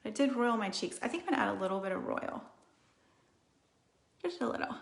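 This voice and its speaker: A woman's voice: on the high side, lively intonation, a little fast, vocal fry. A woman in her thirties hosting a casual live makeup tutorial from her home, rambling and chatty as she reads out viewer comments. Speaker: beauty livestream host. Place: room in her home, indoors. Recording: roomy echo of a home room.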